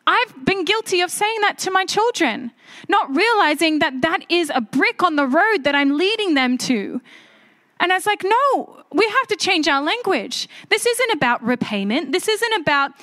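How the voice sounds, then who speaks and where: High-voiced woman preaching a conversational sermon. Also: normal speed. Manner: animated, conversational preaching with self-deprecating asides. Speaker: pastor.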